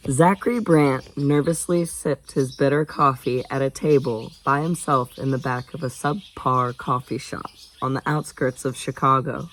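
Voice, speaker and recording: A man's voice: mid-range voice, fairly even intonation, moderate pace, fairly bright tone, poor audio. A man reading a novel aloud in a casual way, stopping for chatty asides and laughing off his own slips. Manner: chatty asides, jokes about own stumbles. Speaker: audiobook reader.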